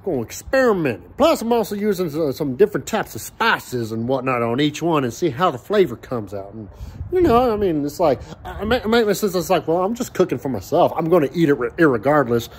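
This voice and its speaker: A man's voice: a little high, sing-song, fairly quick, slight background noise. A young man ranting profanely and rambling outdoors by a grill in a vlog. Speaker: vlogger.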